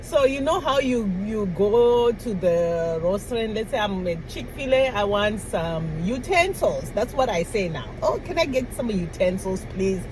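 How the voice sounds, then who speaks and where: Slow-talking woman telling stories, laughing. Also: mid-range voice, background noise. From outside the US. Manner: animated, laughing, acts out little dialogues. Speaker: vlogger. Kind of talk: casual storytelling to camera.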